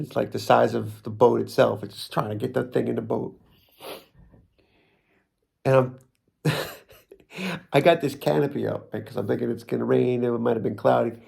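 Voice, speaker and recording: Gravelly New Jersey man telling a story. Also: medium pitch, darkish tone. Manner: rambling, self-mocking, frequent restarts and laughs. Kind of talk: casual comic storytelling.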